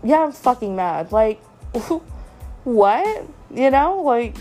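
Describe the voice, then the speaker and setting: A woman's voice: on the high side, very animated, takes it slowly, warm tone, soft background music. A young woman in her twenties telling a personal story on her podcast, upset and venting, with lots of fillers. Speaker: podcast host.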